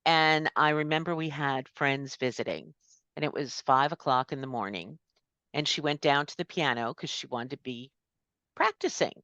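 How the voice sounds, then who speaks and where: A woman's voice: rumbling low, moderate pace, no room sound, muffled recording. Chatty woman speaker, dry close sound. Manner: chatty, warm asides, frequent fillers. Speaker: speaker at a summit. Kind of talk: casual talk on a video call.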